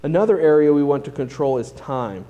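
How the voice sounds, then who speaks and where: A man's voice: fairly high pitch, animated, fairly quick, mellow, muffled recording, slight background noise. A male pastor preaching a sermon in a plain-spoken, self-deprecating storytelling manner.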